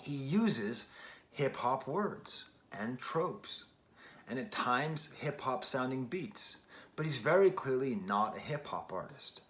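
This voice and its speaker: A man's voice: mid-range voice, a bit bright. A man giving a casual spoken record review, thinking aloud with many restarts and fillers. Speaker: music reviewer.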